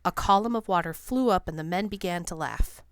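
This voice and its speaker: A woman's voice: fairly low pitch, clear, resonant tone, no echo. Woman narrating a story, dry and close. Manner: steady, measured storytelling. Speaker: audiobook narrator. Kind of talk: scripted narration.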